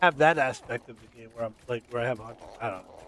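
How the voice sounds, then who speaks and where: A man's voice: mid-range voice, expressive, fast, a bit bright, a little hiss or hum. A man streaming a game, rambling in casual commentary with crude, joking asides.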